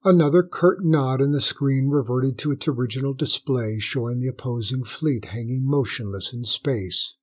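A man narrating a story in a measured, dramatic storytelling manner. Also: mid-range voice, slightly rough. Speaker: audiobook narrator.

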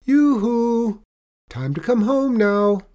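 A man voicing a big bossy mother dragon with a high-pitched, sing-song calling voice. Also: sing-song, moderate pace, darkish tone, slightly rough.

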